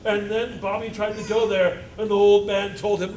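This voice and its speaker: A man, a university instructor, reading a picture book aloud to a live audience, halting with fillers and joking asides. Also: high-pitched, little pitch movement, a little hiss or hum.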